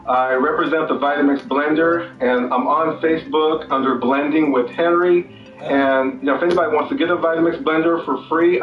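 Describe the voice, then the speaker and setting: A man's voice: medium pitch, echoey room, muffled recording. A man calling in to a gaming show, talkative, friendly and polite in casual chat. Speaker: caller.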